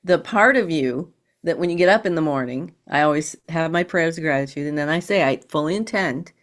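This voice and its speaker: A woman guest on a podcast, explaining in a measured, teacherly way and acting out quoted thoughts. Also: low voice. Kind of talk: calm explanatory conversation.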